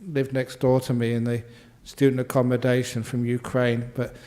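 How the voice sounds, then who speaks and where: Older monk giving a joking dharma talk. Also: male voice, medium pitch, monotone, moderate pace, darkish tone. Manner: humorous, playful, acts out quotes and sound effects. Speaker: Buddhist monk teacher. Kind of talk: dharma talk answering questions.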